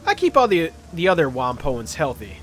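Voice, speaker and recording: A man's voice: fairly high pitch, wildly swooping pitch, moderate pace, soft background music, pitched above the performer's own voice. A man voicing a chatty, cheerful male orc street surgeon in a video game, friendly and joking. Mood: eager.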